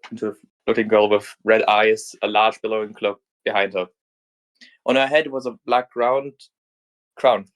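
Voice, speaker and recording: Man casually reading a fan story aloud. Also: on the low side. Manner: reading aloud with small slips and restarts. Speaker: fanfic reader. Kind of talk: casual read-aloud narration.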